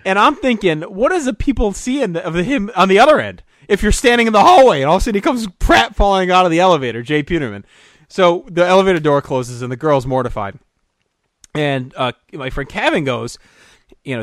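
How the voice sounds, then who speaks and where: Man, podcast co-host, quick delivery, animated storytelling, dry close sound. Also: sits high, no room sound. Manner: animated, laughs through his own story. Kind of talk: casual storytelling chat.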